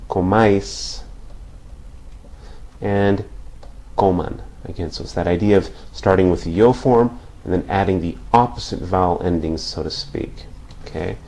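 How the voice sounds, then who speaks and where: A man's voice: deep voice, fairly quick, mellow. A man teaching a Spanish grammar lesson at a whiteboard, explaining patiently and checking in with listeners after each point. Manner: patient, repeats points with frequent "okay?" checks.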